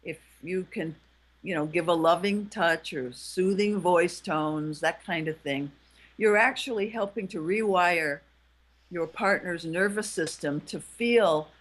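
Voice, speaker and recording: A woman relationship expert and author, explaining in a calm, measured, gently instructive way. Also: fairly low pitch. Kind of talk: explaining in conversation.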